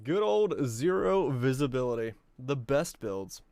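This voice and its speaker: A man with a hoarse, raspy voice chatting offhandedly and joking while streaming a game. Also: mid-range voice, big pitch swings, measured pace, darkish tone, no room sound. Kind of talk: casual gaming stream chat.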